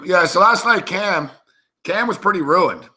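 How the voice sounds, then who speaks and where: A man's voice: sits high, animated, a little slow, pushed and bright. A man hosting live betting commentary, telling a rambling, profane story with plenty of laughs between game calls. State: tipsy, recounting a night of drinking. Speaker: sports betting show host.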